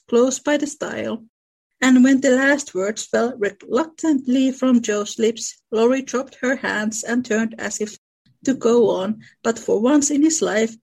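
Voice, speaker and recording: A woman's voice: on the high side, gravelly, a little mellow. Woman reading and discussing a novel. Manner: reads passages plainly, then discusses. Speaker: book club co-host reading aloud.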